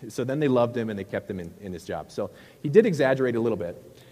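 A man's voice: mid-range voice, expressive, fast, dark tone, big-room sound. A middle-aged male pastor preaching a sermon in a conversational, joking way, with rhetorical questions to the crowd.

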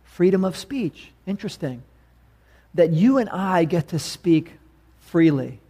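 A man preaching a sermon with a slightly high voice. He talks casually but with emphasis and often turns to his listeners with questions. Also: animated, unhurried, warm tone. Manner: conversational and emphatic, asks the congregation questions.

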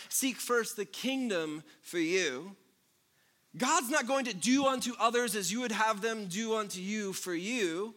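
A man preaching a sermon as pastor, mixing loud jokes with quiet, earnest passages. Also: high voice.

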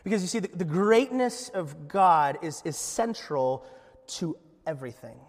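A man preaching a sermon in a church, telling a story with lively energy and frequent restarts. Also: a little high, measured pace, big-room sound. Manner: animated storytelling with many restarts. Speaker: pastor.

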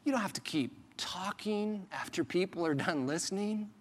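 A man preaching a sermon as pastor, in a conversational, animated way, sometimes acting out the voices of people he quotes. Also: sits high, normal speed, big-room sound.

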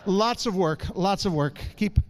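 A middle-aged man giving a humorous testimony to a congregation, an animated storyteller who keeps calling for the audience's response. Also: sits high, unhurried. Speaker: church speaker.

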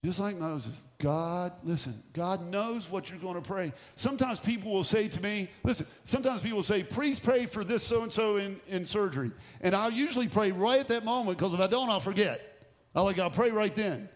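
A middle-aged man, a pastor, preaching a sermon and telling a personal story with animated, acted-out dialogue. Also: sits high, normal speed.

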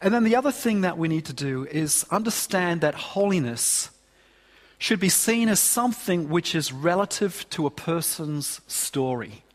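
A man's voice: fairly high pitch, lively intonation, normal speed. A man preaching a sermon in a church, earnest and emphatic, often restarting phrases. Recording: long hall reverb.

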